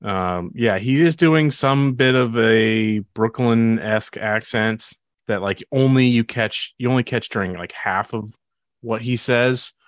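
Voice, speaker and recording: A man's voice: medium pitch, measured pace, no room sound, clean studio sound. A man hosting a casual gaming podcast, talking in a meandering, laid-back way. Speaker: podcast host. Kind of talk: casual chat.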